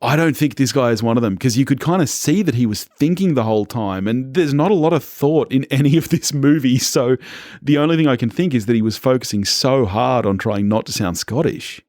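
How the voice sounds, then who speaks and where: An Australian man co-hosting a film podcast, chatty and quick to laugh in casual banter. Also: medium pitch, dry recording, studio quality. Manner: chatty, laughs often, animated. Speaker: podcast co-host. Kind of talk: casual film-review chat.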